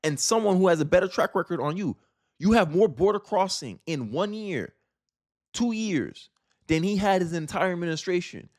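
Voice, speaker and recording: A man's voice: high-pitched, animated, normal speed, a little mellow. A man giving emphatic, informal political commentary in a vlog, often throwing rhetorical questions at his viewers.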